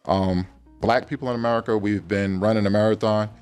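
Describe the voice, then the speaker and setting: A man arguing a point in a debate, in a calm, measured way. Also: fairly low pitch, smooth, faint music behind. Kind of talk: debate argument.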